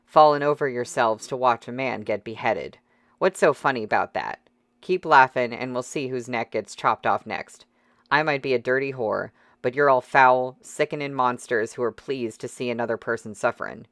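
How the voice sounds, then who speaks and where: Reader doing a fierce defiant young woman, foul-mouthed, shrill and loud, audiobook, dry close sound. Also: moderate pace, no room sound. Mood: furious. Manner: coarse swearing, loud and shrill.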